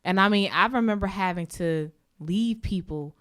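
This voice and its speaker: A woman's voice: medium pitch, moderate pace, a bit bright. A woman hosting a casual conversation, speaking in an earnest, reflective way. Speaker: host.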